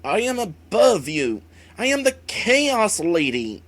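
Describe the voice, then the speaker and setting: A man voicing a proud, vicious female dark knight villain who shouts defiance. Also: fairly high pitch, expressive, moderate pace, natural voice. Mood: scornful.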